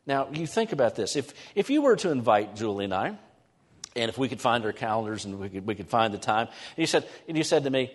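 Middle-aged male pastor, mid-pitched, lively conversational sermon, quick asides, dips into soft prayer. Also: husky, big-room sound. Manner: conversational, animated preaching with sudden drops to soft prayerful tones. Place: church sanctuary.

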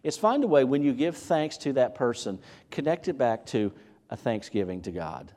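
A man preaching a sermon as pastor, animated, asking rhetorical questions and repeating words as he builds his point. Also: mid-range voice, moderate pace.

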